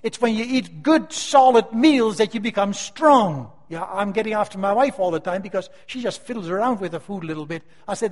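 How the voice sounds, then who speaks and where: Older preacher in a reverberant hall. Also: male voice, sits high, expressive. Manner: emphatic, slows down to stress key phrases. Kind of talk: sermon.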